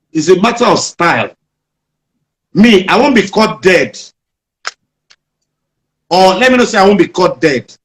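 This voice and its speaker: A Nigerian man, a comedian being interviewed, explaining his craft and telling jokes in an animated storytelling manner with a Nigerian accent. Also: sits high, rough recording. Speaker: comedian guest.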